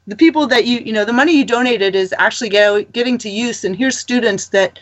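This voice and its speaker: A woman guest on a ministry talk show, telling stories in a lively, rambling way and laughing often. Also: a little high, fast, no room sound, lo-fi sound. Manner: animated storytelling, laughing often. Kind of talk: casual chat.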